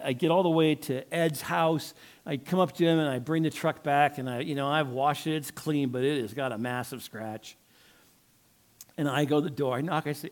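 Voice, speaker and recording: Older man, pastor, sermon, storytelling, animated, acts out quotes, slightly high voice.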